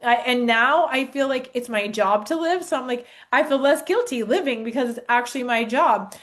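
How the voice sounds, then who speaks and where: Animated, earnest woman in her forties. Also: fairly high pitch, normal speed. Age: 40s. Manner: animated, earnest, talks straight to the audience. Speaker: network marketing speaker. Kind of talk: storytelling testimonial on stage.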